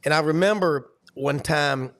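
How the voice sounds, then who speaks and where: A man, co-hosting a casual sports talk show and telling animated stories with lots of restarts. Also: fairly high pitch, measured pace. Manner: animated storyteller, many restarts. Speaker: co-host.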